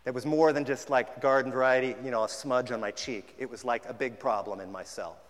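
A man's voice: mid-range voice, steady tone, a little fast. A man preaching a sermon in a conversational way, at times mimicking half-hearted apologies. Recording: long hall reverb.

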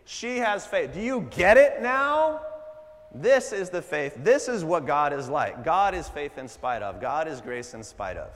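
A man playing an exuberant, wildly excited Jesus who shouts drawn-out proclamations to a crowd, in a hall with long reverb. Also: on the high side, voice pushed up. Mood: ecstatic.

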